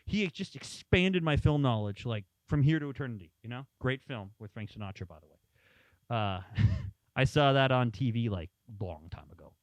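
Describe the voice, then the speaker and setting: A man's voice: medium pitch, lively intonation, moderate pace, no room sound. Rambling storytelling man, dry close sound. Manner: rambling storyteller, acts out quotes. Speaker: podcast co-host. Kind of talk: casual chat.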